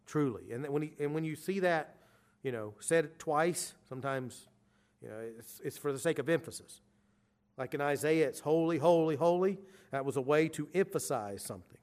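A man preaching a sermon, moving from quiet explanation to urgent, emphatic declarations. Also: mid-range voice, moderate pace. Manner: emphatic, swings from quiet asides to urgent loud stresses.

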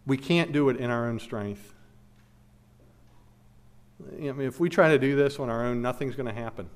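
A man's voice: medium pitch, normal speed, long pauses. A man preaching an expository sermon as pastor, earnest and emphatic, repeating key phrases, then leading a prayer.

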